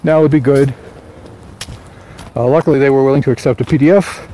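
A man talks through his morning in a casual, rambling vlog, full of restarts and small fillers. His voice is mellow and warm rather than bright. Faint traffic and street sounds sit behind him outdoors. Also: mid-range voice, steady tone, a little fast. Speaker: author vlogging.

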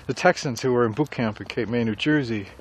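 A man's voice: medium pitch, brisk. A middle-aged man talking casually and reflectively about writing dialogue, rambling a little as he goes, with faint traffic noise around him. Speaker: writer vlogger. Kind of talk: casual talk while walking.

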